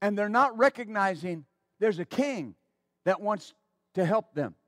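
A man's voice: high-pitched, expressive, unhurried, fairly bright tone, dry recording, clean studio sound. A man preaching a sermon as pastor, fervent and exclaiming praise, with stammering restarts.

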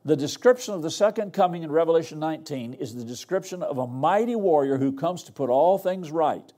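A man's voice: fairly high pitch, expressive, fairly quick, warm tone. An older man, a guest pastor preaching a sermon in a folksy, humorous, storytelling way. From Arkansas. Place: church.

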